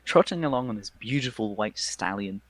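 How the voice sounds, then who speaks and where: Male game master, low voice, dry close sound, loose halting narration. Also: animated, no room sound. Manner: halting, filler-heavy, casual.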